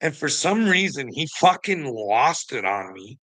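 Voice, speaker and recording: A man's voice: mid-range voice, sing-song, measured pace, pushed and bright, rough recording. A man ranting bluntly and indignantly in a casual monologue, swearing heavily as he talks to his viewers. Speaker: vlogger.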